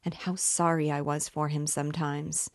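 A woman's voice: low-pitched, little pitch movement, normal speed, no echo, studio quality. A woman voicing a proud, bitter, impoverished widow who plays hostess, speaking in a haughty, indignant manner while reading a novel aloud. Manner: haughty and indignant, raising her voice.

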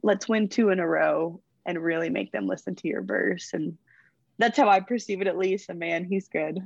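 A young woman with a low, gravelly voice talks in a chatty, gushing way and gets emotional at times. The sound is dry and a little dull, as if recorded on modest gear. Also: normal speed, darkish tone, no echo. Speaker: interviewed athlete. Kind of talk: casual interview.

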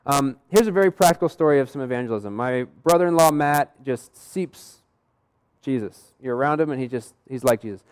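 A young adult male pastor preaches a sermon like he's telling stories in conversation, acting out the voices of the people in them. His voice is medium-pitched and clean, with lively intonation and a fairly quick pace.

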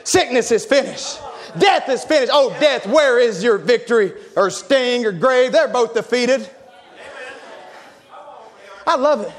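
A man preaching in a church, building to impassioned shouted climaxes, with music and a congregation heard behind him. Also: extremely high pitch, lively intonation, unhurried, a faint crowd. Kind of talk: sermon.

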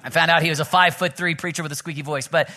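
A man in his thirties preaching a sermon, energetic and fast, often restarting his sentences. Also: fairly high pitch. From Oklahoma. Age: 30s. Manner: energetic, fast, self-interrupting with restarts and laughs. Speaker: pastor.

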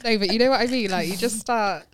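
A woman's voice: medium pitch, fast, noisy background. A woman co-hosting a casual podcast chat, telling stories with lots of giggling. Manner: giggly, storytelling, mimics accents. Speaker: podcast co-host.

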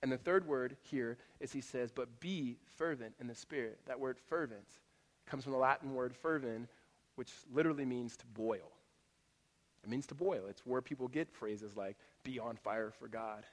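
A man's voice: mid-range voice, normal speed. A man preaching a sermon to a congregation, in a conversational, earnest way with rhetorical repetition. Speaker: pastor. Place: church auditorium. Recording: long hall reverb.

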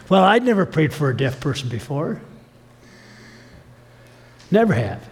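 Man, pastor, sermon, emphatic storytelling, lively rising and falling pitch, slightly high voice. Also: a little slow, pauses often. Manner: storytelling with acted-out quotes, emphatic. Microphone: filmed sermon.

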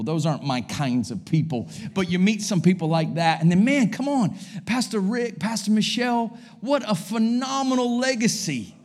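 An American man in his forties delivers a sermon as a visiting pastor, his voice sitting notably high for a man. He is energetic and humorous, leaning into exclamations and jokes. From United States. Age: 40s. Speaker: guest pastor. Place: church service.

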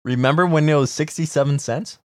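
A man's voice: a little high, a little fast, a little mellow, no echo, clean studio sound. A young man from Canada, co-hosting a podcast in casual chat, ranting profanely and with energy. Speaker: podcast co-host.

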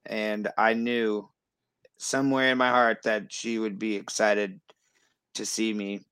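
Excited man in his thirties telling a story. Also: on the low side, slow pace, clear, resonant tone, no room sound. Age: 30s. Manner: excitable, lots of fillers and restarts, says "dude" and "rad". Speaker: guest. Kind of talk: casual storytelling.

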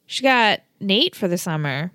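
Sarcastic podcast chick, swears a lot, mid pitch, dry mic. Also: female voice, big pitch swings, unhurried, fairly bright tone, clear, resonant tone, no echo. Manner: blunt and sarcastic, swears freely. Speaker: podcast co-host. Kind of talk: casual chat.

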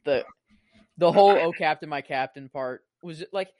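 A man's voice: a little high, moderate pace, darkish tone, dry recording, clean studio sound. A young man chatting casually about a film, rambling and full of fillers.

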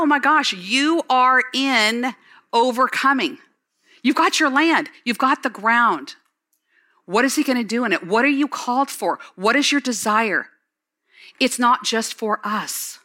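A woman pastor giving an excited, exclamatory sermon, later leading the congregation in prayer. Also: on the high side. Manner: ends in spoken prayer.

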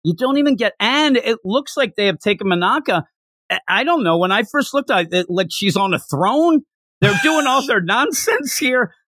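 Animated male anime-review host, voices the characters as he goes, lively pitch, dry sound. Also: no echo. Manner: animated, acts out characters' lines in quick bursts. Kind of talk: casual chat.

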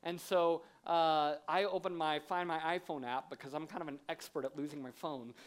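A man preaching a sermon to a congregation, telling self-deprecating stories in a conversational, animated way. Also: on the high side, normal speed. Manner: humorous, self-deprecating storytelling. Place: church auditorium with audience.

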